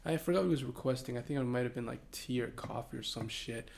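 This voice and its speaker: Young guy with a gravelly voice, chill and hesitant, swears casually. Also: medium pitch, quick pace, darkish tone. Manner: laid-back, profane, hesitant. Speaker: podcast co-host. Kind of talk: casual podcast chat.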